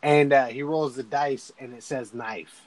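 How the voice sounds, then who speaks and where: A man's voice: mid-range voice, steady tone, a little slow, low-quality recording. Laid-back man recapping a movie. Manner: laid-back, rambling, swears often. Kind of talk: casual movie recap chat.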